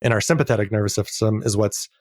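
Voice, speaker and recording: A middle-aged man talking as a podcast guest in a casual interview, earnest and reflective, slowing down to stress key words. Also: lowish voice, steady tone, darkish tone, no room sound, studio quality.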